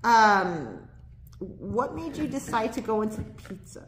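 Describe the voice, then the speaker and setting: A woman's voice: on the high side, very animated, unhurried, a crowd in the background. A woman hosting a casual local talk show from a studio, chatty and bubbly, laughing often, with a slight lisp from dental aligners.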